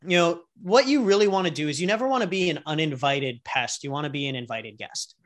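Animated man telling business stories. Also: fairly high pitch, fast talker. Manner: animated storyteller who acts out little scenes. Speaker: guest entrepreneur and business coach. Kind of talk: casual interview talk.

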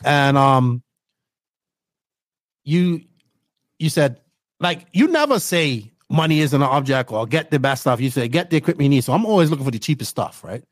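A man's voice: medium pitch, very animated, normal speed, pauses often, no echo, studio quality. Man. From Bermuda. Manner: rambling, tags lines with "right?". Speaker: podcast host telling his story. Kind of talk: casual storytelling interview.

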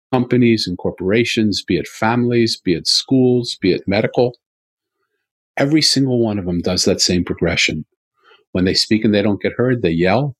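Earnest male guest, lowish husky voice, dry recording, repetitive emphatic delivery. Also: no echo. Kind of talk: storytelling in interview.

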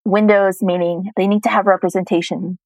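A woman's voice: medium pitch, fairly even intonation, fairly quick, a little mellow, no echo, rough recording. A middle-aged woman telling a personal story as a guest, reflective and at times choked up.

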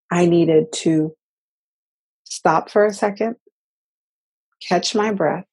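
A mother telling a personal story in an earnest, halting way, often repeating her words. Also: on the low side, dark tone, husky. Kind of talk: personal reflective talk.

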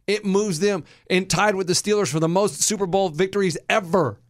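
A man co-hosting a radio show, casually arguing about football and quick to contradict the others. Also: high voice, fairly even intonation. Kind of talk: casual sports chat.

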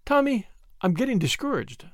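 A man's voice: very high voice, no echo, clean studio sound, pitched above the performer's own voice, heavily acted. Man voicing a plucky, eager young woman sleuth. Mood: restless. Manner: lively, quick, plucky.

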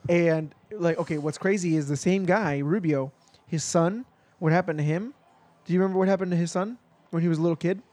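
A man's voice: a little high, a little fast, darkish tone. A man telling a long story in a casual chat, rambling with lots of fillers and acting out quoted lines.

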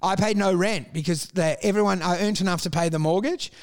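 High-pitched middle-aged man, brash raconteur, swears freely, laughs through his tales. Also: brisk, clear, resonant tone. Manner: crude, animated, laughs through stories. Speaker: guest telling stories. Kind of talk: casual storytelling chat.

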